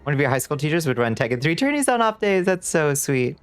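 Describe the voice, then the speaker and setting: Casually chatting while gaming on a live stream, a man warmly welcomes his viewers and laughs a lot in a playful, lightly lilting way. His voice is a little high with big pitch swings, quick and clean-toned. The recording is dry, with faint music behind.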